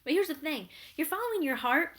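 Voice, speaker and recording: A woman's voice: high-pitched, lively intonation, a little fast, fairly bright tone. A woman vlogger giving an exasperated, profanity-laden rant recapping a reality TV show.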